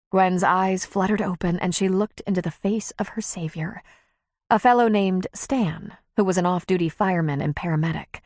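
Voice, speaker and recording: A woman narrating an audiobook in an expressive, measured reading. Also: fairly low pitch, no room sound, clean studio sound. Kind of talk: scripted narration.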